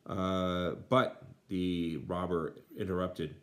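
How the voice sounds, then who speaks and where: Man teacher, translating a text aloud, lots of fillers, low voice. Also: measured pace. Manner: many uh fillers, dry asides. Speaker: Latin teacher.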